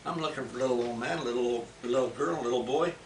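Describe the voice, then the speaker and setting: An older man voicing a little old woman in a bedtime story, with a soft, worried delivery. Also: mid-range voice, rapid-fire, voice pushed down, lightly acted. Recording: echoey room, distant mic, faint noise.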